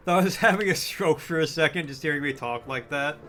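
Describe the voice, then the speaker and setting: A chatty young man livestreaming a game, thinking aloud and amusing himself as he goes. His voice sits a little high, with faint game music underneath. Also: expressive, normal speed, bright, forceful tone. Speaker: game streamer. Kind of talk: casual let's-play chat.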